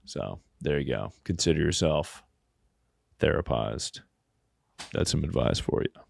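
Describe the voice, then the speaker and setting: A man's voice: a bass voice, animated, unhurried, vocal fry, no room sound. A man hosting a podcast, giving crude, joking advice and laughing often. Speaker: podcast host. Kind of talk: casual comedic advice chat.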